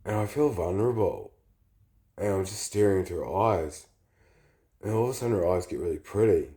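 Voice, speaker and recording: Man, flu-sick, very low creaky voice, rambling confessional storytelling. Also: expressive, fairly quick, warm tone. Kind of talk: casual personal storytelling.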